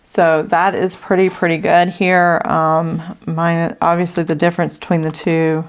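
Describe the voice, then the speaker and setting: A woman's voice: fairly low pitch, little pitch movement, a little slow. Woman talking through her budget math. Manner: thinks aloud while adding numbers, with fillers. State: out of breath from allergies. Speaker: budgeting channel host. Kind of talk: casual budget walkthrough.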